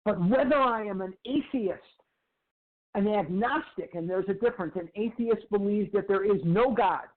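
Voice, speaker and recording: High-voiced man with tinny, phone-like sound. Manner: slow, emphatic repetition of phrases. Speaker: twelve-step recovery speaker. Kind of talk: storytelling lecture.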